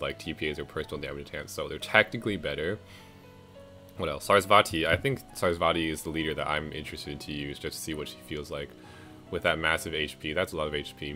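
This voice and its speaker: Deep bright-toned man rambling about a game. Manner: rambling, many fillers and self-corrections. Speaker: game reviewer. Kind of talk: casual commentary. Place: home, music playing behind.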